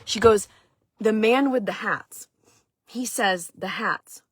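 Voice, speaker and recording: A woman's voice: mid-range voice, slow, breathy edge. A woman hosting her own vlog, telling a personal story in a chatty way, full of "like" fillers. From Maine. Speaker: vlog host. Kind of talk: casual storytelling.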